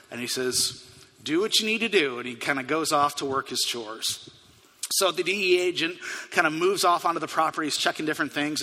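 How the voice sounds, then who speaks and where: A man's voice: a little high, sharp tone. A male pastor giving a sermon in a church, telling stories in an earnest, conversational way. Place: church sanctuary. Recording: long hall reverb.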